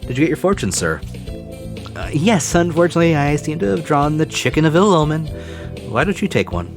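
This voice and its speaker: A man's voice: a little high, very animated, brisk, over music, voice pushed up. A man voicing a drowsy, polite male bird teacher in a dating-sim game. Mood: mild.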